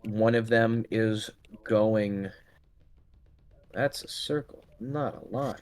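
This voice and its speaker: A man narrating a tabletop game as game master, halting often with ums and restarts. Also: lowish voice, darkish tone, clear, resonant tone.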